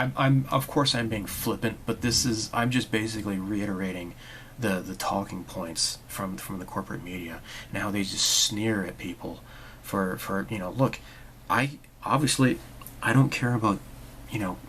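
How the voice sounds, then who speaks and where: A man's voice: lowish voice, fairly bright tone, slight background noise, rough recording. A man hosting his own channel, delivering a sarcastic, rambling monologue full of restarts. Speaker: channel host. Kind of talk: opinionated monologue vlog.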